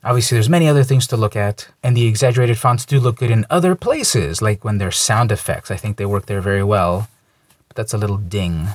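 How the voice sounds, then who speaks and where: A man casually reviewing a comic book, talking in a relaxed, conversational way with light opinions. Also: fairly low pitch, a little fast, no room sound.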